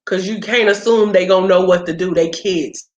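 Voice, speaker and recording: A woman's voice: on the low side, steady tone, moderate pace. A woman hosting a casual chat, telling stories in a blunt, profane, fired-up way. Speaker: podcast host. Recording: roomy, dull lo-fi sound.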